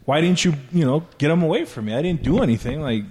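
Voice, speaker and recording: Profane storytelling man, higher voice. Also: quick pace. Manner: profane, animated storytelling with acted quotes. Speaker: comedian telling a story. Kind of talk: casual podcast chat.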